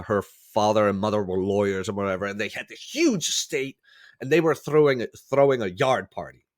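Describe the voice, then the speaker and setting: A man telling stories as a podcast guest in casual chat, rambling and correcting himself as he goes, still getting over a cold. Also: fairly low pitch. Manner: rambling, self-correcting, acts out quoted voices. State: recovering from a cold.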